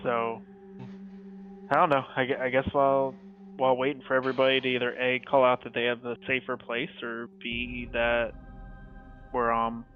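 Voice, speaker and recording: Guy at a tabletop game thinking out loud, bit of swearing, mid-pitched, muffled lo-fi mic. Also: completely flat delivery, normal speed, pauses often. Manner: casual, mildly swearing, thinks aloud. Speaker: player. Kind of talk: casual tabletop play.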